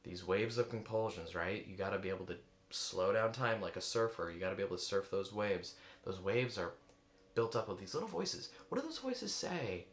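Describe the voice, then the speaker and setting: A man's voice: deep voice, brisk, reverberant. A man giving a reflective coaching talk, searching for words and asking many rhetorical questions. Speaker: eating coach.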